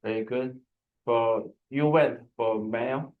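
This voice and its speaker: A man of average pitch guides students through a language lesson on a video call. He explains slowly and patiently, often stopping to restart a sentence. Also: phone-quality sound. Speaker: Hebrew teacher.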